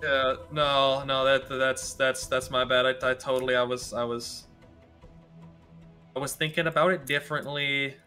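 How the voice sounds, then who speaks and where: A man's voice: mid-range voice, level tone, normal speed, bright, forceful tone, clean tone, soft background music. A man running a tabletop game as game master, narrating in a rambling way with many restarts and fillers.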